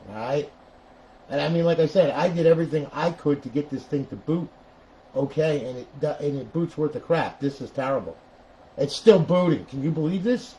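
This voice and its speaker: A man's voice: a little high, warm tone. Frustrated man ranting at his workbench. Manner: frustrated, ranting, repeats himself. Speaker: console repair technician. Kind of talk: live-streamed repair ranting.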